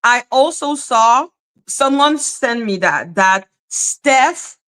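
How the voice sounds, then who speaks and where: A woman hosts a loose, chatty livestream, greeting her viewers by name and breaking into exclamations. Her voice sits a little high. She talks at an unhurried, drawn-out pace. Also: lively intonation, sharp tone. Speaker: livestream commentary host.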